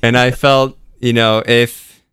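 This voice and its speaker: A man co-hosting a podcast about books, giving his views in a measured, wry way in casual chat. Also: medium pitch, little pitch movement, a bit bright, smooth, dry recording, studio quality. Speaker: book podcast co-host.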